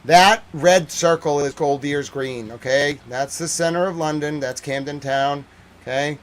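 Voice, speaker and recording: A man reporting on a war from a livestream, ranting in exasperation and then reading a measured formal report. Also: on the high side. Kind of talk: livestream news commentary.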